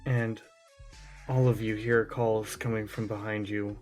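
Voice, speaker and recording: A man's voice: fairly low pitch, a little slow, soft background music. A man running a tabletop role-playing game, describing scenes to the players. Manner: descriptive, steady narration. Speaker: game master.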